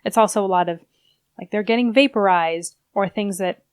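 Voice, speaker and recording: A woman co-hosting a podcast, chatting casually about a book in a rambling, quick-bursting way. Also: mid-range voice, no room sound. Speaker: podcast co-host.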